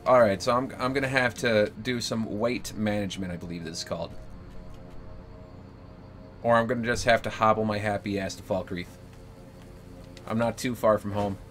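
A man's voice: fairly low pitch, moderate pace, pauses often, a bit bright, soft background music. A man live-streaming a video game, talking through his play in an exasperated, jokey way.

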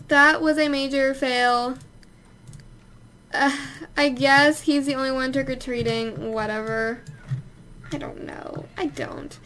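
A young woman's high, fairly bright voice carries this casual gameplay commentary for a life-sim let's play. Chatting along, she exclaims and tells off the characters.

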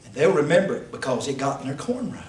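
A man, a pastor teaching a Bible class, preaching with rhetorical questions and sudden shouts. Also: sing-song, quick pace. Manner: rhetorical questions, pitch swings, rises to shouts. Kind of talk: fiery preaching. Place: church classroom. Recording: roomy, distant mic, faint hiss.

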